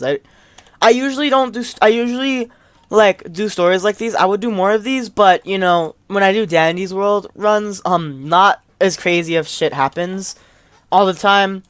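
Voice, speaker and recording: Woman, mid-pitched, dry close recording; casual storytime rant, exasperated, rambling, trails off. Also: normal speed, dry recording. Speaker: gaming channel storyteller.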